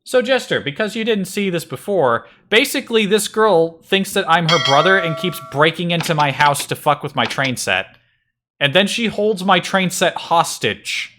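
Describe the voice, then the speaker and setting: A man's voice: high-pitched, animated, normal speed, noisy background. A man streaming a video game, muttering to himself in wry, slightly frantic casual commentary.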